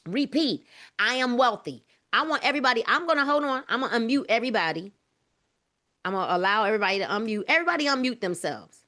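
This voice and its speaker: A woman's voice: fairly high pitch, fairly bright tone. A woman leading a motivational group video call, emphatic and preachy, repeating her phrases and calling the group y'all.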